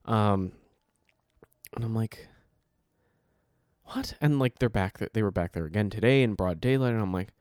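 Lively man telling street stories. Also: on the low side, moderate pace, long pauses, no echo, studio quality. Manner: animated storyteller acting out quotes. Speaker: podcast co-host. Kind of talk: casual chat. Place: New York.

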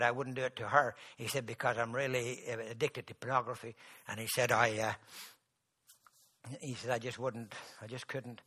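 A man preaching a sermon, moving from quiet storytelling to loud, emphatic exhortation. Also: medium pitch.

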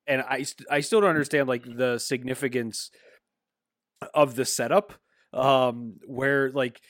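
A man of middle pitch talks casually on a podcast, hesitant and full of ums, now and then pushing into emphatic bursts. His voice sounds dry and close, with no room around it. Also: fairly even intonation, measured pace, a bit bright, no room sound. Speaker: podcast co-host. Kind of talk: casual chat.

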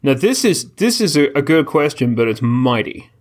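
A man's voice: mid-range voice, very animated, normal speed. A man co-hosting a podcast, chatting casually with dry, teasing humor and frequent restarts. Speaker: podcast co-host. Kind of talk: casual chat.

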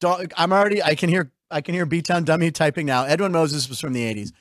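A middle-aged man from Pittsburgh hosting a casual comedic radio chat, rambling with jokes and quick asides. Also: on the high side, fairly bright tone, no echo, clean studio sound. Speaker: host.

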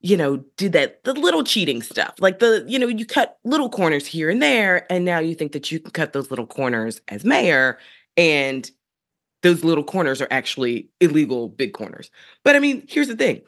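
A woman co-hosting a political podcast, talking in an emphatic, animated way and slipping into quoted voices. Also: low-pitched, moderate pace. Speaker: co-host, political scientist. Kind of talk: casual political chat.

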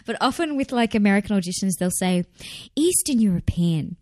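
A woman's voice: mid-range voice, quick pace, no room sound, clean studio sound. A woman with a light Australian accent, a voice actor chatting casually with lots of fillers and laughs. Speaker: voice actor guest. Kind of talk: casual chat.

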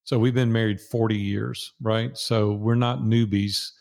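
Older guy with a gravelly voice, earnest preachy storyteller, guest on an interview show. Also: fairly low pitch, flat delivery, measured pace, darkish tone.

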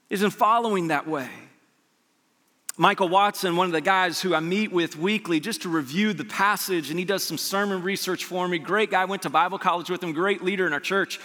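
A male pastor giving an energetic, conversational sermon full of rhetorical asides to the congregation. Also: high-pitched, big-room sound.

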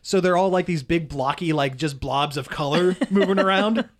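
A man's voice: fairly high pitch, moderate pace. A man hosting a radio show, chatting casually with fillers and frequent laughter. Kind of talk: casual chat.

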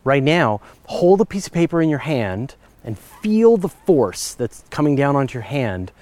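A middle-aged man hosts a podcast, answering listener questions in chatty, enthusiastic, explanatory talk full of fillers and self-corrections. His voice is medium-pitched and a little mellow, with big pitch swings and a measured pace.

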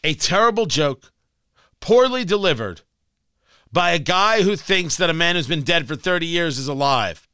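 High, animated ranting radio host man. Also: normal speed, clean tone, no echo, clean studio sound. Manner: combative, sarcastic ranting. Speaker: radio talk show host. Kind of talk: political talk radio monologue. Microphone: studio microphone.

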